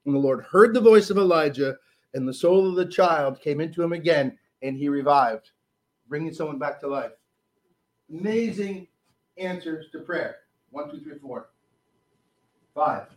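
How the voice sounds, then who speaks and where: A man preaching a sermon, reading scripture with rising force and dropping low on asides, with frequent restarts. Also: rough recording. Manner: animated, rises loud on scripture and drops low on asides; halting, with restarts and fillers.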